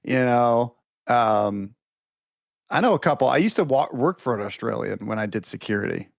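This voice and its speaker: A man's voice: medium pitch, normal speed, vocal fry, no room sound. Chatty man with a dry close sound. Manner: animated storyteller, many fillers and restarts. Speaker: podcast guest. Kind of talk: casual chat.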